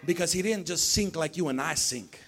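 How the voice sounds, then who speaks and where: This male pastor preaches to his church at normal speed, his voice slightly high and a bit bright. It's a lively call-and-response sermon where he keeps questioning the congregation and repeating phrases.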